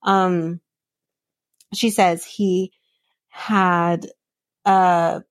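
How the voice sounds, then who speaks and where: A woman's voice: on the low side, level tone, drawn-out words, no room sound, studio quality. A woman hosting a podcast, recapping a reality show in a blunt, profane, exasperated rant. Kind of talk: casual solo recap.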